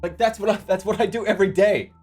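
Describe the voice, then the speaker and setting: A man's voice: high voice, fairly even intonation, fast, a little mellow, soft background music. A man in his forties chatting casually on a live stream, joking and often laughing. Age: 40s. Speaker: livestreamer.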